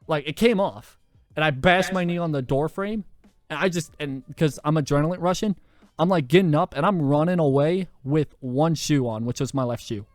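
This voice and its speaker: A man's voice: a little high, normal speed, no room sound, soft background music. Young man telling a wild story. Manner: animated, swears a lot, laughs through his story. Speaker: podcast host. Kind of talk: casual storytelling.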